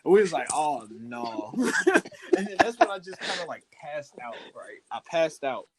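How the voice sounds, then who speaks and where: A young man co-hosting a podcast, telling stories in an animated, laughing way. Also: fairly high pitch, moderate pace, crowd noise. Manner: animated storyteller, loud laughing retellings. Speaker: podcast co-host. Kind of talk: casual chat.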